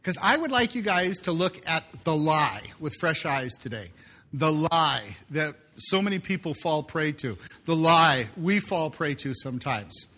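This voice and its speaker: A man's voice: fairly high pitch, expressive, unhurried, sharp tone. A man preaching a sermon, reading scripture aloud and breaking in with jokey asides. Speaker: pastor.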